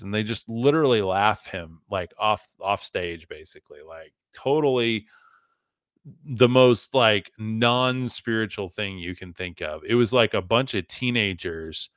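A man's voice: fairly low pitch, normal speed, fairly bright tone, smooth, no echo, clean studio sound. A man hosting a podcast in a casual, emphatic monologue, often saying "like" and talking to his listeners as "guys". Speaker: podcast host.

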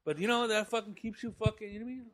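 A man's voice: sits high, fairly even intonation, rapid-fire, fairly bright tone, dry recording. A man bantering in casual chat, profane and slangy, often calling people "dog".

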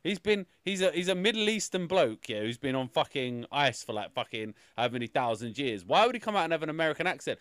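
A man hosting a film review podcast, talking in an animated, exasperated way and swearing often. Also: a little high, fast, few pauses, clear, resonant tone, no echo. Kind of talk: casual chat.

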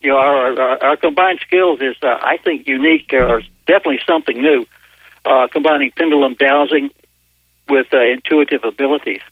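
A man's voice: medium pitch, brisk, dry recording. A man from Louisiana with a Southern accent, talking casually as an interview guest in a hesitant way, over the phone. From Northwest Louisiana. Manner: hesitant, many fillers and restarts. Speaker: author and paranormal investigator guest. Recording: tinny phone line.

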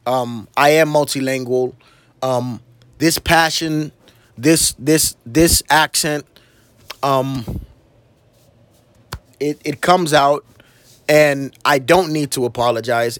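Slow, impassioned man on a podcast. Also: mid-range voice, fairly even intonation, a bit bright, no room sound. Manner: emphatic, repeats phrases for effect; preacher-like rhetorical questions. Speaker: podcast host. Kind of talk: impassioned spoken monologue.

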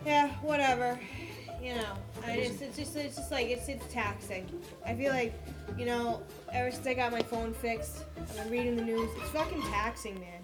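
A fairly high-pitched woman rants through a crude, profanity-laced podcast chat, animated and quick to get worked up. Music plays clearly behind her voice.

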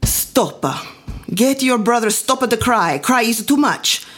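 A woman's voice: on the high side, animated, slow pace, fairly bright tone, faint music behind, pitched above the performer's own voice, full character voice. A woman voicing a stern immigrant mother who scolds her children in broken English. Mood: scolding.

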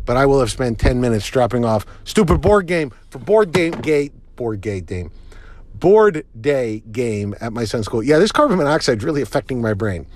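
A middle-aged man hosting a casual solo podcast while driving, rambling through jokey, self-deprecating asides. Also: medium pitch. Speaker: podcast host. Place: inside a car. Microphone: phone or recorder in the car. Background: car and road noise.

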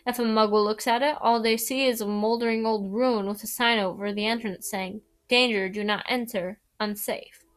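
Woman doing a brisk know-it-all schoolgirl. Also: on the high side, steady tone, natural voice. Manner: matter-of-fact, brisk.

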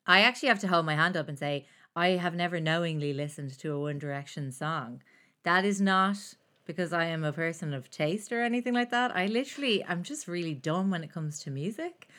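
Wry woman with a low voice. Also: brisk, sharp tone. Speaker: podcast host. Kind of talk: casual chat.

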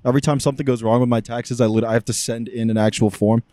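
Young guy co-host, quick and easygoing, cusses, dry close sound. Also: mid-range voice, fairly even intonation, mellow, no echo. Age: young adult. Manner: laid-back, profane storytelling. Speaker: podcast co-host. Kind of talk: casual chat.

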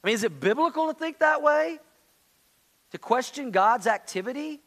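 A man preaching a sermon as pastor, moving between loud pleading outbursts and quiet, hushed lines. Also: extremely high pitch, expressive, moderate pace. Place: church sanctuary.

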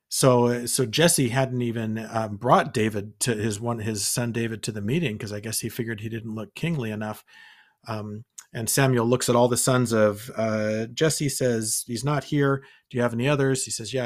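A man hosting a scripture study podcast, talking in an earnest, encouraging way and retelling stories with quoted dialogue. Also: medium pitch. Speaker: podcast host.

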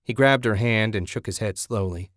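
Male narrator, low voice, steady measured reading, dry close sound. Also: dry recording. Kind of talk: audiobook narration.

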